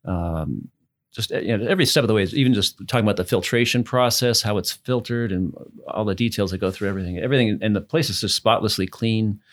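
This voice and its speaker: A man's voice: on the low side, quick pace. A man from New England, a club founder, chatting casually and rambling through stories during a bourbon tasting. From New England, south of Boston. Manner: relaxed, rambling storyteller with fillers.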